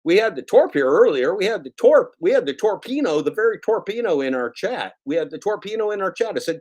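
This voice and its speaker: A man's voice: fairly high pitch, sing-song, fast talker, hardly any pauses, a little mellow. A man hosting a casual livestream, rambling and repeating himself as he teases viewers and reads the chat. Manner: rambling, repetitive, teasing. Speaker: livestream host.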